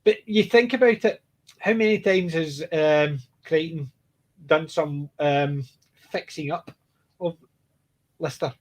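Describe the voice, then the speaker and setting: A podcast co-host chats casually about a TV show, rambling, restarting his sentences often, and laughing as he retells jokes. His voice is fairly high, and he speaks slowly with frequent pauses.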